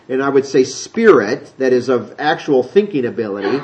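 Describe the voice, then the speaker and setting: A man preaching a sermon, teaching from the Bible in a chatty, folksy way, reading scripture aloud and slipping into quick voices. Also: mid-range voice, expressive, a little mellow, dull audio. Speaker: pastor.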